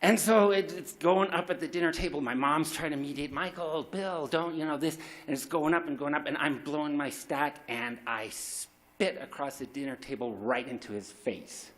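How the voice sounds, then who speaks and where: A man's voice: fairly high pitch, normal speed, hardly any pauses. A middle-aged man telling a raw, confessional personal story at a live story slam, swearing freely and restarting his sentences.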